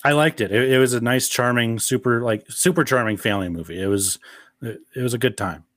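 A man's voice: medium pitch, fairly quick, a bit bright, no room sound, studio quality. A man hosting a casual movie review chat, laughing often and leaning on fillers.

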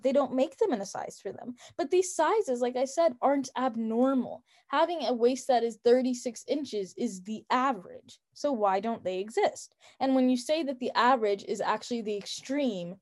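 A young woman with a somewhat high voice co-hosts a casual podcast. She talks in an opinionated, emphatic way and fills her speech with "like". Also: moderate pace, hardly any pauses, a little mellow. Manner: opinionated, emphatic, frequent "like" fillers. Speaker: podcast co-host.

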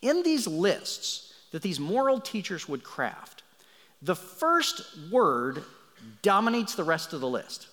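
Animated male pastor preaching in a hall. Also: high voice, slow. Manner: animated preaching, swings between loud emphasis and quiet asides. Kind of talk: sermon. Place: large church hall.

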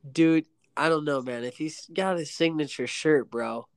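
A man's voice: on the high side, normal speed, smooth, no room sound. A young man co-hosting a podcast, chatting casually and hesitantly with restarts, laughs and constant "bro". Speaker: podcast co-host.

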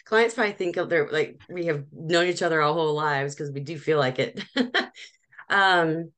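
Woman in her forties, low voice, animated interview guest who laughs often. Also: normal speed. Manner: animated storyteller, frequent laughs and restarts. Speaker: professional organizer, guest. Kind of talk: casual interview chat.

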